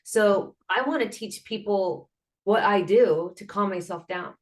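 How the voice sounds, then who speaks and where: A woman with a mid-range voice speaks unhurriedly as a guest and mental health advocate, talking about healing in a casual interview. She's earnest and rambling, with frequent fillers and restarts. Her delivery is animated, and she acts out sounds and laughter as she explains.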